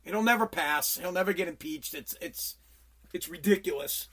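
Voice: mid-range voice, normal speed, a bit bright. A podcast host in an angry political rant, swearing constantly, hammering the same phrases over and over and stumbling over restarts when worked up. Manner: profane, heated, repeats phrases for emphasis.

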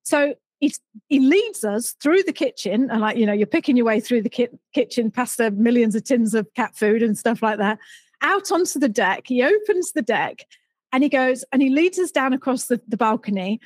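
A middle-aged British woman telling an animated story with lots of laughter, acting out other people's voices. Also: a little high, moderate pace, no echo. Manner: animated, laughs often, acts out voices in quotes. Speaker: guest storyteller. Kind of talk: casual anecdote telling.

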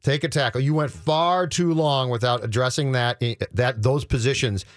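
A man's voice: mid-range voice, normal speed, no room sound, studio quality. A man co-hosting a sports radio show, giving firm opinions and repeating his point for emphasis. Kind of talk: casual sports radio banter.

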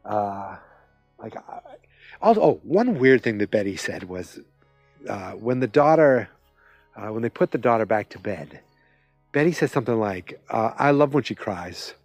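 A man's voice: on the low side, very animated, moderate pace, vocal fry, long pauses, darkish tone, no room sound, faint music behind. A man hosting a podcast, recapping a television episode in a rambling, conversational way, with many restarts. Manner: rambling, self-interrupting, conversational. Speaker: podcast host.

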